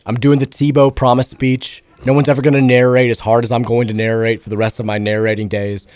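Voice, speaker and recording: Male sports radio host, hoarse and raspy with a cracking voice, rambling and self-deprecating, dry close studio mic. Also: mid-range voice, flat delivery, brisk, a little mellow, no room sound. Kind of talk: casual sports radio chat.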